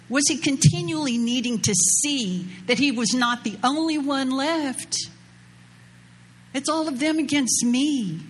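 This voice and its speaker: A woman's voice: on the high side, slight background noise. A woman preaching a casual sermon, retelling a scripture story in a chatty way with slang asides. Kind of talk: informal sermon with scripture reading.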